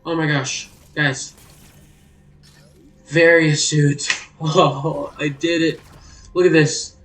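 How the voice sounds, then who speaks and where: A man giving loud, exasperated gameplay commentary as a gaming YouTuber. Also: a little high, level tone, slow pace, distant mic, low-quality recording.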